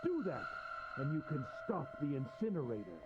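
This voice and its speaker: An actor playing a sadistic, mocking gentleman captor in a video game, with a theatrical, sneering delivery. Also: fairly high pitch, big pitch swings, moderate pace, lo-fi sound, loud music behind the voice.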